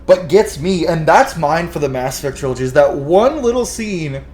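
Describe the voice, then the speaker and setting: A man's voice: a little high, expressive, normal speed, a little mellow, soft background music. A man giving casual gameplay commentary, candid and emotional, swearing freely. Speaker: let's play host.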